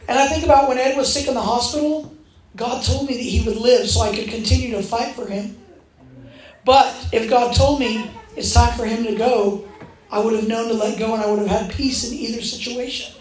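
Preaching fairly quickly in a slightly high voice, a woman animates her sermon's stories by acting out the voices in them. She's recorded in a church hall with noticeable echo.

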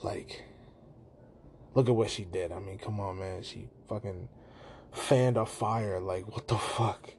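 A man casually and profanely retelling a movie scene on his podcast, slipping into quick put-on voices for the characters. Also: on the low side, steady tone, a little mellow, slight background noise. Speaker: podcast host.

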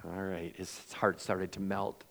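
A man's voice: deep voice, level tone, a little slow, long reverb tail. Man preaching with dramatic volume swings. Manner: dramatic swings from loud emphasis to hushed near-whispers; acts out quoted voices in storytelling. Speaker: pastor. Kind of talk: sermon.

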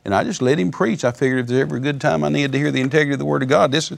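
Male guest, testimony storyteller, fast and gravelly delivery, animated. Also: fairly high pitch. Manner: animated, repeats words, chuckles while telling.

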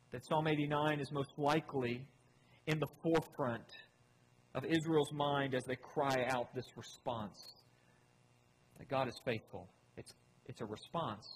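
A man's voice: a little high, fairly bright tone. A man preaching a sermon, reading scripture aloud with dramatic swells and earnest appeals. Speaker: pastor. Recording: long hall reverb, faint room noise.

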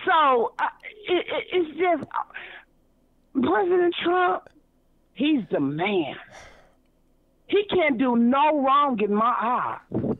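A woman's voice: high-pitched, lively intonation, slow pace, long pauses, dry recording. A woman caller from Kansas City, Missouri, talks in a loose, rambling way, stammering and repeating herself as she goes. Her voice comes through a thin, tinny phone line with no room sound around it. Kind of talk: radio call-in chat.

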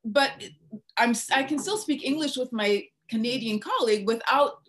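A woman from Côte d'Ivoire talks in a casual podcast. Her voice sits a little high, and she is blunt and emphatic, clearly irritated by what she describes. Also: animated, normal speed.

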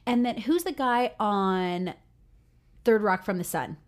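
A woman's voice: mid-range voice, expressive, slow pace. A young adult woman co-hosting a podcast, chatting in a casual, upbeat way. Her voice sits in a middle range, and her talk is loose and friendly. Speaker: podcast co-host. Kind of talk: casual chat.

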